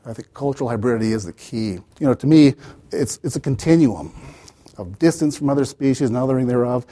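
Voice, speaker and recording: A man's voice: medium pitch, warm tone. A man giving an academic lecture as the author, digressive, with wry asides and many "you know" fillers.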